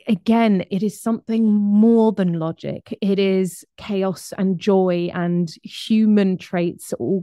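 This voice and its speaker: A woman giving a lively, conversational presentation on behaviour with frequent asides to her audience. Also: mid-range voice, dry recording, studio quality. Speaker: speaker on behaviour.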